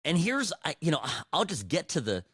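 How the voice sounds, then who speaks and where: Animated, sarcastic male podcast host. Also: on the high side, a little fast, breathy edge, no room sound, studio quality. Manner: animated, sarcastic, frequent restarts. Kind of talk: political commentary. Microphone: studio microphone.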